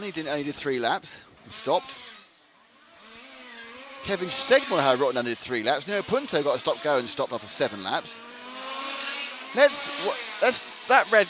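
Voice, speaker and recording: A man's voice: a little high, background noise. A man giving live commentary on a model car race, joking and rambling between calls. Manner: jokey, self-deprecating, rambling asides.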